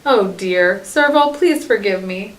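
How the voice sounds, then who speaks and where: A woman's voice: mid-range voice, animated, unhurried, reverberant, distant mic, natural voice. A woman reading a storybook aloud, voicing an eager male dog who blurts things out.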